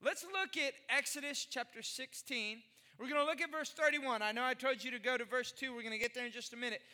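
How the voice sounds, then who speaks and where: High, bright-voiced joking pastor. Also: male voice, a little fast. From Texas. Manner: animated, joking storyteller with rhetorical questions. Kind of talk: sermon.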